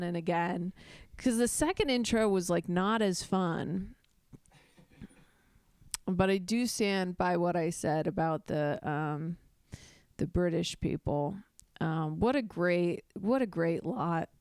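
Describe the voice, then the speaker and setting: A young woman hosts a loose comedy podcast, giggling and tripping over her own intros. Her voice sits a little low and comes through smooth and clear. The close mic gives a dry, intimate sound. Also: a little mellow, no room sound. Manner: giggly, self-deprecating, rambling with restarts. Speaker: podcast host. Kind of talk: casual comedic podcast chat.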